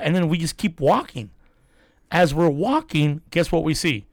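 A man with a gravelly, fry-edged voice that sits a little high tells a story on a casual podcast. He swears freely and acts out what people said, with a close, dry sound. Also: lively intonation, normal speed, no room sound.

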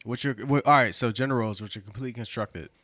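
A man in casual podcast chat who talks haltingly, repeating words as he tries to break in. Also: mid-range voice, fairly bright tone, dry recording.

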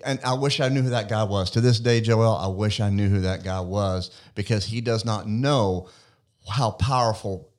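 A man telling his personal story earnestly in a relaxed podcast conversation. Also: lowish voice, moderate pace. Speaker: guest. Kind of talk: testimony in a faith podcast conversation.

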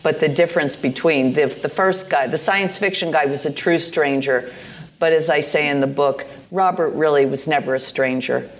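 A woman's voice: sits low, normal speed. A woman in her sixties from the United States, a guest in a live on-stage conversation, telling stories in a meandering, hesitant way with many fillers and restarts. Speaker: interview guest, poet and artist. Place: live venue stage with an audience.

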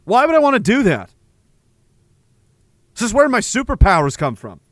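Male streamer, high and lively, profane and mock-outraged, dry close mic. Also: normal speed, no echo. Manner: profane, joking, mock-indignant. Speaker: streamer reading chat. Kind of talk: casual chat.

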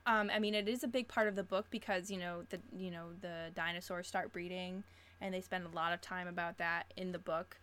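A woman's voice: on the low side, steady tone, fairly quick, a bit bright, a little hiss or hum. A young woman co-hosting a podcast in casual chat, rambling with many restarts and fillers. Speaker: podcast co-host.

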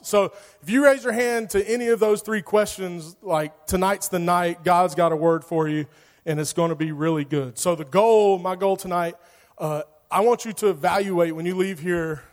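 A man preaches to young people, loose and joking, leaning on filler words. His voice sits high for a man, and a long reverb from the church hall trails behind every line. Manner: casual, joking, lots of "like". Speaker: youth pastor. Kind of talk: sermon.

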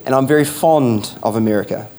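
A man's voice: medium pitch, fairly quick, mellow. A man preaching a sermon as pastor, emphatic, repeating key phrases and asking rhetorical questions.

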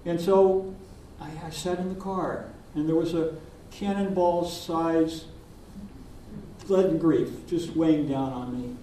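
Older minister preaching in an echoey hall. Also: male voice, on the high side, fairly even intonation, slight background noise. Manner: gentle, reflective storytelling with pauses. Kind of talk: sermon. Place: church sanctuary. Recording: distant voice in an echoey sanctuary.

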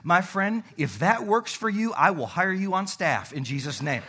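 A male pastor delivers a lively sermon in church. His voice sits a little higher than most men's. He swings between quiet, slow emphasis and loud, quick calls for the congregation to repeat key words. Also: breathy edge. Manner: animated preaching with calls to the congregation.

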